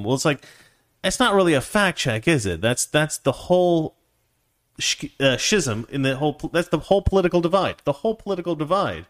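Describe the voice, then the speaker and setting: A man's voice: medium pitch, animated, normal speed. A man hosting a casual livestream, reading viewer comments and chatting in a rambling, self-correcting way with frequent laughs. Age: adult, past his teens.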